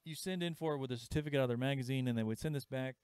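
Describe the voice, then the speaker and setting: A man's voice: rapid-fire, a little mellow, clean tone, no echo. Chatty man hosting a dry-sounding live sale. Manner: chatty, pitching items with asides. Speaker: comic shop live sale host. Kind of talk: casual live sale patter. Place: comic store. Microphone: livestream camera mic.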